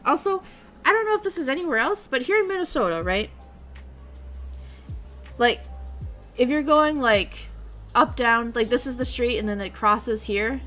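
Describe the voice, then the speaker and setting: A woman's voice: a little high, animated, moderate pace, pauses often, sharp tone, soft background music. A young woman streamer chatting casually, rambling along and swearing freely. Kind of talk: casual chat.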